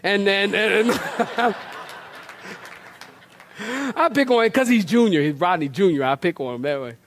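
A middle-aged male pastor preaching a storytelling sermon, animated and colloquial, with laughing asides and repeated words. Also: sits high, measured pace, slight background noise. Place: church.

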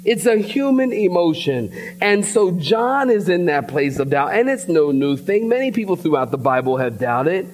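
Lively high-voiced pastor preaching. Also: male voice, moderate pace. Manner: animated storytelling, sometimes shouting. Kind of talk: sermon. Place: church.

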